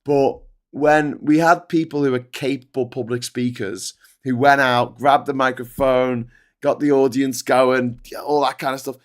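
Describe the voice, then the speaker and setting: A middle-aged man hosting a live stream, talking in casual, animated, sweary commentary. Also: mid-range voice, measured pace.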